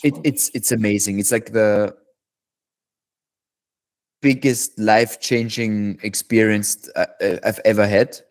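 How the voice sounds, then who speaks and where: A man from Austria, a guest on a podcast, talking thoughtfully in casual chat with many pauses and fillers. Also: fairly low pitch, steady tone. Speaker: podcast guest, bodybuilding coach.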